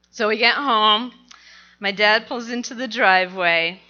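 A middle-aged woman telling a personal story to an audience, animated and laughing as she goes. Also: mid-range voice, a little slow, muffled recording.

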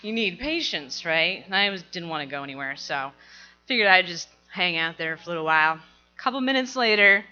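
A middle-aged woman telling a personal story to an audience, animated and laughing as she goes. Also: lowish voice, a little fast, lo-fi sound, faint music behind.

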